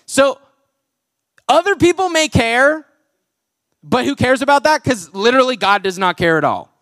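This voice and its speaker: Young guy pastor, kinda high voice, super casual and jokey, dry close sound. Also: animated, moderate pace, fairly bright tone, dry recording. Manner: chatty, jokey, full of "like" fillers. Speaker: pastor and worship leader. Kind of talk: casual conversational sermon. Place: church auditorium with a congregation.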